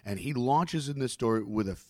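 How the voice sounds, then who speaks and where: A man's voice: medium pitch, lively intonation, a little fast, warm tone, no room sound, studio quality. A man hosting a casual podcast chat who makes wry, teasing remarks.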